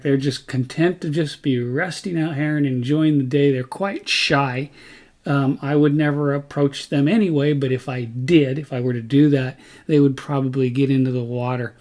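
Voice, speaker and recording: Male vlog host, slightly raised pitch, casual outdoor narration, self-correcting and chatty. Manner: chatty, wanders and corrects himself mid-sentence.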